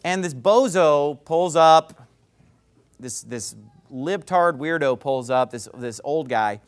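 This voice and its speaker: A man preaches with a high, lively voice that jumps around in pitch. He tells his story with sarcasm and mockery, stumbling over and repeating words for emphasis. It has the loose flow of a sermon. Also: slow. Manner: animated, sarcastic, mocking. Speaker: pastor.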